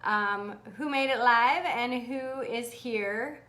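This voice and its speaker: A woman hosting a live motivational stream in a bubbly, animated manner, laughing often and swearing casually. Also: fairly high pitch, slow pace. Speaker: host. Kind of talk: livestream motivational talk.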